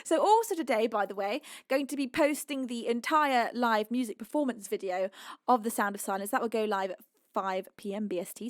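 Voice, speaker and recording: A woman's voice: mid-range voice, no room sound, studio quality. A British woman who hosts a music livestream, chatting to her viewers between songs and gushing her thanks with frequent laughs. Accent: British English. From United Kingdom. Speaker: streaming singer-songwriter host.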